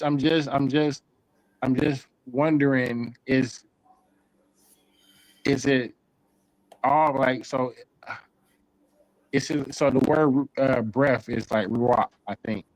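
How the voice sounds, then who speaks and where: A man's voice: mid-range voice, steady tone, drawn-out words, long pauses, darkish tone, no echo, rough recording. A man as a guest in a casual streamed discussion, asking questions in a hesitant way with many restarts.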